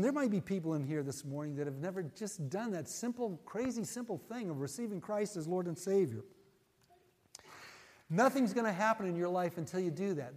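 A high-pitched male pastor preaches in a church sanctuary, his voice carrying a big-room sound. Earnest and folksy, he repeats phrases through the sermon and the altar-call prayer, going hushed as he prays.

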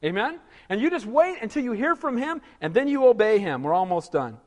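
A man's voice: high voice, very animated, fairly quick, big-room sound. A male pastor preaching a sermon, emphatic, often asking the congregation "Amen?" and filling with "you know".

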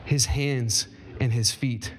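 A man's voice: medium pitch, fairly even intonation, slow pace, slight background noise. A man in his thirties preaching a sermon as pastor, with emphatic rises and folksy asides to the congregation. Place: church sanctuary. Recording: long hall reverb.

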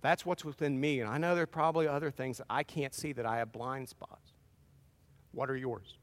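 A middle-aged man preaching a sermon, earnest and animated, with self-deprecating asides. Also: medium pitch, a little fast. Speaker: pastor. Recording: long hall reverb.

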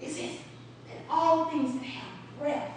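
A woman's voice: sits high, fairly even intonation, slow pace, darkish tone. A woman preaching a conversational sermon to a congregation, telling stories, asking questions and laughing often. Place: church sanctuary. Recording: very echoey room from far off, faint hiss.

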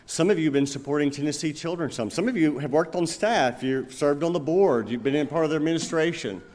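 A man's voice: a little high, darkish tone. Preaching man in a ringing hall. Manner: storytelling, emphatic, with slow pointed phrases. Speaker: pastor. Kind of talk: sermon. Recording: long reverb of a large hall.

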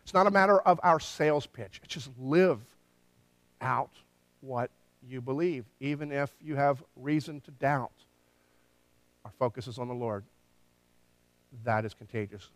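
A man preaching a sermon, retelling scripture with lively storytelling and acted-out quotes. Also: medium pitch, dry recording. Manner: animated storytelling, voices quoted lines. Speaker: pastor.

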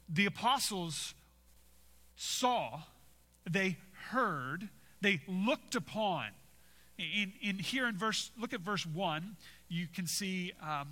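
High, bright-voiced preacher in a reverberant hall. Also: male voice, slow. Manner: emphatic, repeats phrases, rhetorical "right?". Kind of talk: expository sermon.

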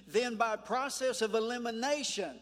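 An older man preaching a sermon in a church, folksy and emphatic, slowing down to stress words. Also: very high-pitched, a bit bright. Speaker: pastor. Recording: echoey church hall.

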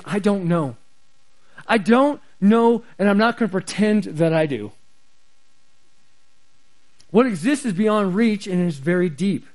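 A man's voice: extremely high pitch, a little mellow. A man preaching a sermon, talking conversationally and reading scripture with emphasis. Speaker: pastor.

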